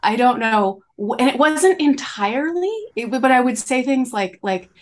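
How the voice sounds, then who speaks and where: Chatty woman, rambling and animated. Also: fairly high pitch, moderate pace. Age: middle-aged. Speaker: podcast guest, coach. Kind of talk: conversational interview.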